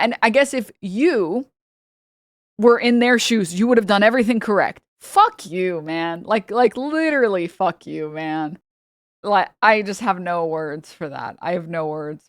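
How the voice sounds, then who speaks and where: A woman's voice: medium pitch, no echo. Heated, swearing woman streamer, dry sound. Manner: heated, profane, exasperated ranting; talks straight to chat. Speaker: streamer reacting to videos. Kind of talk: casual reaction stream.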